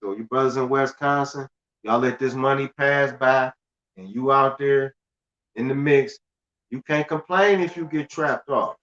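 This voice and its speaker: Male host, casual and rambling, repeats himself, middle pitch, muffled lo-fi recording. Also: unhurried, fairly bright tone. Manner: loose and conversational, stumbles and repeats words, laughs at himself. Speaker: finance channel host. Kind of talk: casual livestream talk reading news aloud.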